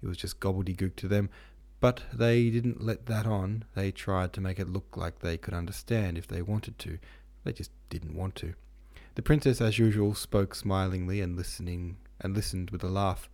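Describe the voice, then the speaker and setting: A man's voice: deep voice, steady tone, moderate pace, darkish tone. A man narrating a classic novel in casual, profane modern slang, irreverent in manner.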